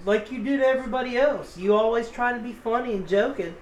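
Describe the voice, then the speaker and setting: A man's voice: extremely high pitch, fast, lo-fi sound. A man co-hosting a casual podcast chat, teasing his friend with short, laughing reactions. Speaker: podcast co-host.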